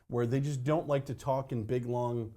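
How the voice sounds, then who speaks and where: A man's voice: medium pitch, fairly even intonation, normal speed, warm tone. A man hosting a local movie review show, chatting casually with many fillers and jokes. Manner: rambling, filler-heavy, joking. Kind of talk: casual chat.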